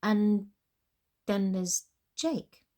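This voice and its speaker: A woman's voice: medium pitch, expressive, drawn-out words, dark tone. A woman voicing a blunt, caring female friend and boss who pushes hard and talks matter-of-factly. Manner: pushy, insistent, matter-of-fact.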